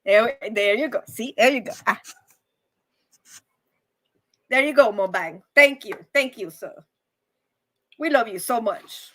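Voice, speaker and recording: Bright, high-pitched chatty woman host. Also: moderate pace. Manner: animated, chatty, addresses viewers as y'all. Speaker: live stream host. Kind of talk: casual live-stream chat.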